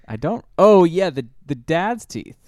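A young man co-hosting a podcast, chatty and quick to laugh, drifting into side stories. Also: a little high, big pitch swings, a little mellow, no room sound, clean studio sound. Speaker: podcast co-host. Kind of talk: casual comedic chat.

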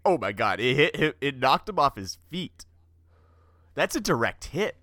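Comedy co-host, male, low and animated, mock-solemn doomsayer, dry recording. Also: moderate pace, no echo. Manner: grandly doom-laden, mock-serious pronouncements. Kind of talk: deadpan comedy banter.

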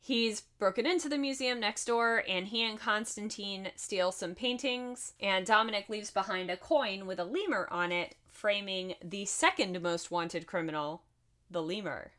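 A woman's voice: mid-range voice, moderate pace, fairly bright tone. Chatty woman co-hosting a film recap. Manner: chatty and laughing, with asides. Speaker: podcast co-host. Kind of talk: casual chat recapping a film.

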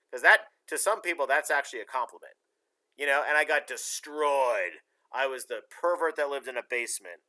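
A man's voice: medium pitch, animated, a little fast, bright, forceful tone. A man hosting a casual talk show, giving emphatic, rambling opinions.

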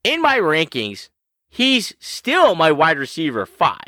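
Wildly animated boastful man. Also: on the high side, slow pace, no echo. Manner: boastful, trash-talking, very animated. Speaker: podcast co-host. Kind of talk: fantasy football podcast banter.

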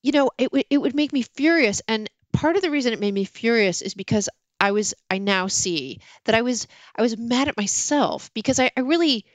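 A middle-aged woman, an author guest in a casual interview, telling candid stories about her marriage with lively, self-mocking asides. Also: a little high, fairly quick, few pauses, dry recording.

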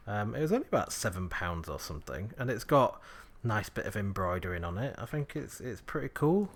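Yorkshire male host, casual and keen, low-middle register. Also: big pitch swings, fairly quick. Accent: Yorkshire English. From Yorkshire, England. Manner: chatty, enthusiastic, laughs often. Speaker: podcast host. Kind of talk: casual chat.

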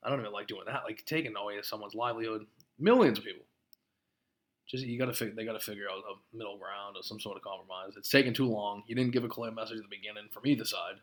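A podcast host from Massachusetts rants casually, speaking fast in a voice on the low side. He is profane and worked up, swearing a lot and breaking into short laughs.

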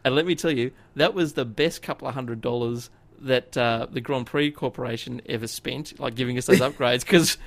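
A man's voice: mid-range voice, normal speed, gravelly, hardly any pauses. A man telling a long personal story in casual chat on a podcast, with lots of fillers and restarts. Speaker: podcast co-host.

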